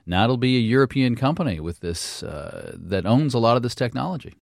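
A man hosting a radio business news update, with a brisk, wry delivery. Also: medium pitch, animated, creaky, darkish tone, no echo, clean studio sound. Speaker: news host.

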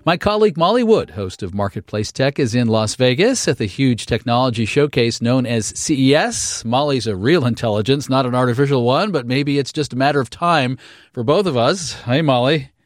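A man anchoring a radio business news program, reading headlines briskly and chatting with a lightly wry touch. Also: medium pitch, lively intonation, no room sound, clean studio sound. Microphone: studio microphone.

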